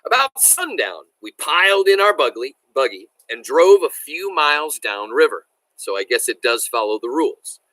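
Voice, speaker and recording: A man reading a novel aloud as a teacher, animated and enthusiastic, stopping to explain words to his listeners. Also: medium pitch, moderate pace, no room sound, poor audio.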